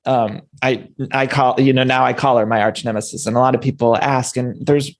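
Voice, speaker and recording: A man's voice: medium pitch, fairly even intonation, a little fast. A man hosting a podcast interview, chatting casually and joking. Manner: playful, jokey asides. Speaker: podcast host.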